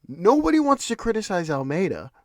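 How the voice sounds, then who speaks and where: A man's voice: high voice, huge pitch swings, a little fast, darkish tone, no room sound, clean studio sound. A man hosting a podcast, ranting in casual solo commentary with restarts and repeated words. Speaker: podcast host.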